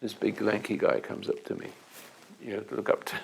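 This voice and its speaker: An older man acting as a self-help teacher, telling an anecdotal story to an audience in a halting way, with restarts, and acting out the dialogue. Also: fairly low pitch, gravelly, breathy edge, rough recording.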